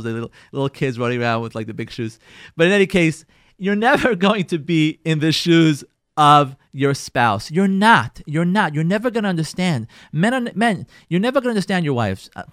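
Male rabbi, lecturer. High, very lively pitch, emphatic, repeats himself for stress, dry close sound. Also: dry recording. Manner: emphatic, repeats key phrases, mixes in Yiddish words. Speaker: rabbi teaching a class. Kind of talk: lively lecture to a live class.

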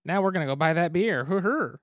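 A man hosting a board game podcast in a relaxed, chatty way, talking into a mic on a stand. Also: sits high, fast talker, dry recording, clean studio sound. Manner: relaxed, chatty, laughs easily. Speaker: podcast host. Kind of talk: casual chat.

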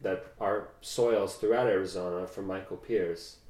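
A young man, a first-time winemaker, chatting casually and technically about his wine with fillers and pauses. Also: low-pitched, steady tone, a little mellow. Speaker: winemaker guest. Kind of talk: casual chat. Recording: echoey room.

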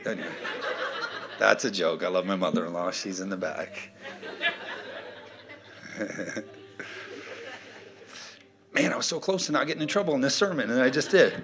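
A man preaching in a church, animated, swinging from loud, punchy calls to quiet, joking asides. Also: medium pitch, moderate pace, gravelly, pauses often. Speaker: pastor. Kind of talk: sermon.

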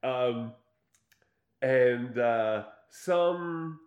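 A man's voice: mid-range voice, phone-quality sound. A man in casual chat who chimes in often and reacts with laughter. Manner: lively listener, quick to laugh and chime in. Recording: roomy echo.

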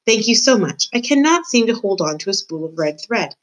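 A woman's voice: mid-range voice, sing-song, brisk, voice pushed up, close to an everyday voice, low-quality recording. A woman reading aloud and voicing a kind, polite young princess. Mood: gentle. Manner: polite and gentle.

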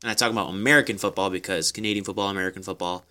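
A man's voice: low voice, fairly even intonation, rapid-fire, pushed and bright. A young man co-hosting a podcast, trading jokes in casual sports chat. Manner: showy announcer-style opener, then joking banter. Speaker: podcast co-host.

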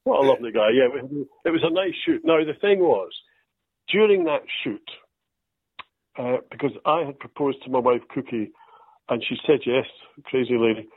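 An older Scottish man, an actor, telling self-deprecating stories in a relaxed interview. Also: mid-range voice, moderate pace, slightly rough, no room sound. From Scotland. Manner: storytelling, self-deprecating, quotes others in lively voices. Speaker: actor guest. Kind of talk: anecdotal interview chat. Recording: dry tinny phone-like line.

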